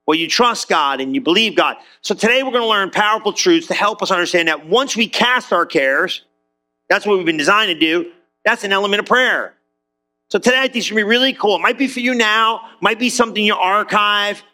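A middle-aged man preaching a sermon as pastor, conversational and animated, acting out quotes in little voices. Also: high voice, a little fast.

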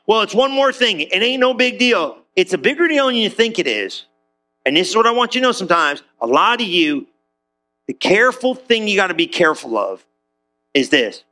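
A man preaching a sermon to his congregation in a chatty, animated way, acting out little quoted exchanges. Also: sits high. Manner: conversational, animated, acts out quotes. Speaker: pastor. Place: church in front of congregation.

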